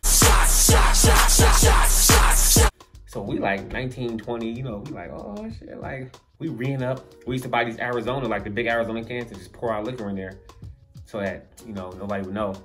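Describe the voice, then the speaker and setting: A young adult man with a lowish, steady voice talks fast as he tells a funny personal story to camera, casual and slangy, laughing along the way. It's a story-time vlog monologue with faint music behind him.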